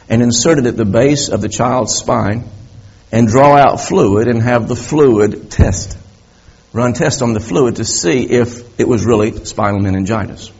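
A man's voice: mid-range voice, darkish tone, husky. A male preacher telling stories with impassioned emphasis during a sermon, repeating key words, on a dull, lo-fi recording.

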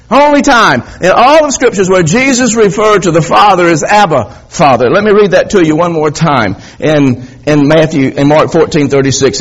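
Husky man preaching an impassioned sermon. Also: fairly high pitch, moderate pace. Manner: impassioned storytelling, repeats key words for emphasis. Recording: dull lo-fi recording.

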